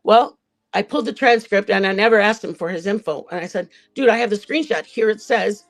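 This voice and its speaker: Woman, livestream panel guest, casual storytelling, rambling, self-correcting, medium pitch. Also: fairly quick.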